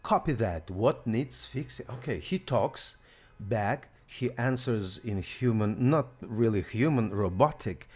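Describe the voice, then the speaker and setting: A man hosting a casual software demo, excited and thinking aloud as he tries things out. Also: lowish voice, measured pace, husky. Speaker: host.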